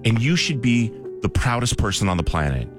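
A man's voice: medium pitch, big pitch swings, a little fast, music in the background. A man in his thirties hosting a radio chat show, telling a heartfelt family story with self-mocking jokes.

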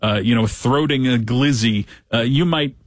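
A man's voice: medium pitch, moderate pace, no room sound. A man hosting a talk show, reading out news stories with sarcastic, wisecracking asides. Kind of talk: comedic news commentary.

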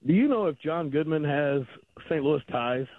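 A man's voice: a little high, animated, normal speed, dry recording. A man calling in to a radio talk show, arguing his point with the host. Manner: argumentative, pressing his point. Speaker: radio caller. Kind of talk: phoned-in call to a talk show. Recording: phone line.

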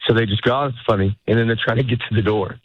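A man's voice: lowish voice, steady tone, very fast, slightly rough, dry recording, dull audio. A middle-aged man, a stand-up comedian, chatting casually in an interview, rambling and cutting himself off as he acts out little quoted lines.

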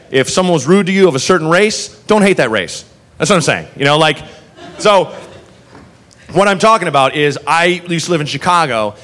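Animated male stand-up comic, high and lively. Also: a little hiss or hum. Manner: animated, profane, acts out characters mid-story. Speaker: stand-up comedian. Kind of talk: stand-up comedy storytelling. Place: comedy club stage with live audience.

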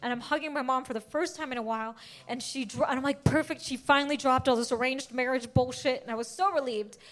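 A young woman performing a stand-up set, telling stories in an animated way with sudden shouted outbursts. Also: high-pitched, fast. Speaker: stand-up comedian.

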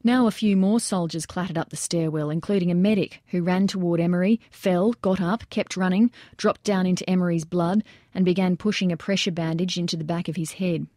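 A woman reading nonfiction narration aloud in steady storytelling style. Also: fairly low pitch, brisk, no echo, studio quality. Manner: steady storytelling that acts out shouted quotes.

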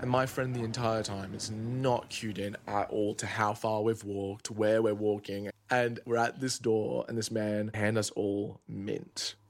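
A man in his twenties telling a personal travel story in a casual, vivid way with quick asides. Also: fairly low pitch, little pitch movement. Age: 20s. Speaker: student storyteller.

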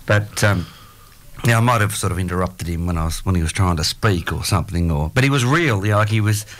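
A middle-aged Australian man hosting a radio chat, rambling and halting with lots of fillers. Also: deep voice, a bit bright. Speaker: radio host. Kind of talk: casual chat.

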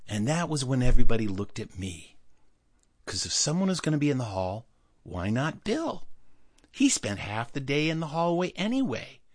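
A man telling a childhood story to listeners, animated and acting out the other people in it. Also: medium pitch, normal speed, no echo. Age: adult. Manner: animated, acts out the other voices. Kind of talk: personal storytelling performance.

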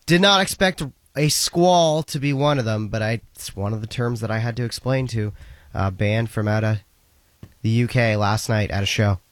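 A man's voice: lowish voice, normal speed, no room sound. Radio DJ man, dry studio sound. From Canada. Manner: upbeat, reads listener messages aloud. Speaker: radio host. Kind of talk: casual radio DJ chat. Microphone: studio mic.

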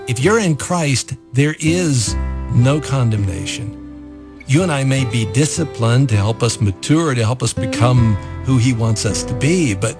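A man's voice: medium pitch, lively intonation, measured pace. A man hosting a devotional talk, speaking earnestly and reflectively about scripture. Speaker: host. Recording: music bed under voice.

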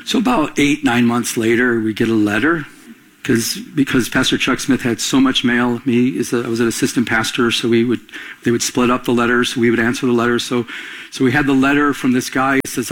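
Husky-voiced middle-aged male pastor preaching. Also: fairly even intonation, brisk, fairly bright tone. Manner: conversational, climbs higher in pitch when pressing a point. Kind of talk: storytelling sermon.

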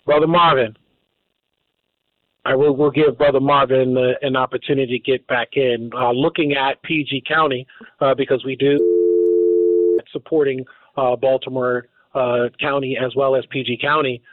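A man hosts a call-in radio show, taking calls and frequently stumbling and restarting over his words. His medium-pitched voice has little pitch movement and a normal speed, with no echo, through narrow phone-like radio audio.

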